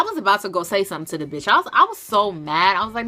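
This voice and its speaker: A young woman telling a storytime vlog in an animated, profane, emphatic way. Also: medium pitch, racing, faint music behind. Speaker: vlogger.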